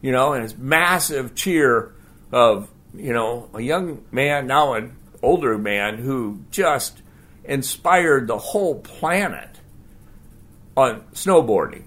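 A man preaching a sermon as pastor, conversational and animated, asking the congregation rhetorical questions. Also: medium pitch, slow pace.

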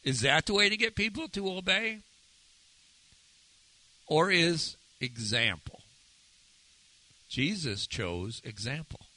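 A man teaching a Bible lesson in a conversational, animated way, retelling passages and asking his listeners questions. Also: a little high, slow pace, pauses often, low-quality recording. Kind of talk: informal sermon teaching.

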